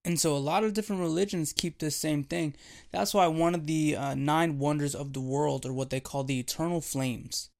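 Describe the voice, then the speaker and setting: A young man preaching a devotional sermon, telling a childhood story with animated, playful delivery. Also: fairly high pitch, moderate pace, creaky. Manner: animated storytelling, acting out voices and laughing.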